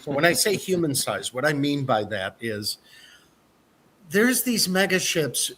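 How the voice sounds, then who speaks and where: A man's voice: fairly high pitch, sing-song, measured pace, fairly bright tone, slight background noise. A man from the American Midwest presenting a cruise line in an upbeat sales style, with fillers. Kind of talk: presentation to an online audience.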